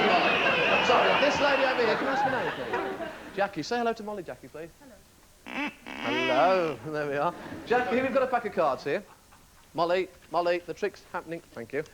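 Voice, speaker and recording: Young man, very high lively voice, live stage patter with a puppet, loud noisy broadcast with clicks. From West Midlands, England. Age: 20s. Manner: chatty, scolding a puppet partner. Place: TV studio stage before an audience.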